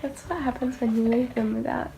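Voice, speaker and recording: A woman's voice: a little high, steady tone, a little fast, vocal fry. A woman vlogger giving casual running commentary at home, chatting to her baby dolls and laughing often. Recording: noisy home video recording.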